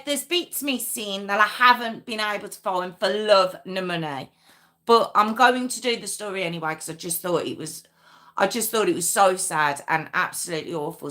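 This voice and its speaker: A woman's voice: lowish voice, pushed and bright. A woman hosting a live true crime stream, chatting casually with viewers, giggling and reading out their comments. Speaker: true crime livestream host.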